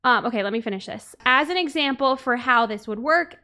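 A woman's voice: fairly high pitch, animated, fairly quick, bright, forceful tone. A woman hosting a podcast, reading news items aloud with dry asides in casual chat. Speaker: podcast host.

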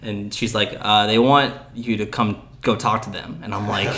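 A man in his early twenties telling a story in casual chat as a podcast host, animated and laughing as he acts out what people said. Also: on the low side, moderate pace. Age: 20s.

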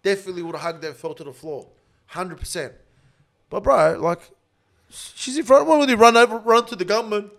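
Gravelly-voiced, foul-mouthed Australian man. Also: sits high, a little fast. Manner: profane, swears constantly; gets loud and laughs while telling. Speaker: interview guest. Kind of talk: casual storytelling.

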